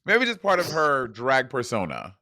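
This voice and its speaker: A man co-hosting a casual chat, playful and teasing, quick to laugh. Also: medium pitch, huge pitch swings, pushed and bright, no room sound, studio quality. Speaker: podcast co-host.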